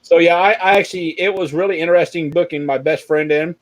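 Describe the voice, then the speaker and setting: A middle-aged man hosting a casual podcast chat, telling stories in a profane, animated way. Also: on the high side, fast talker. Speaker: podcast host.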